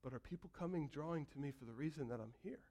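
Dramatic preaching man, rather high voice. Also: fast talker. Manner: storytelling preacher, acts out quotes and builds to shouts. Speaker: pastor. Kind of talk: sermon.

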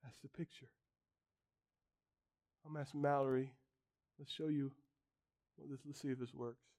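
A man's voice: medium pitch, flat delivery, moderate pace, a little mellow. A man preaching a sermon as a pastor, emphatic, building his points through repeated phrases.

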